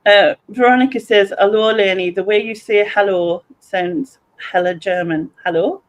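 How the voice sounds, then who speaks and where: The livestream host, a woman with a Sunderland (Mackem) accent from North East England, keeps a steady tone and moderate pace at medium pitch. She chats casually and reads viewer comments aloud over a low-quality recording.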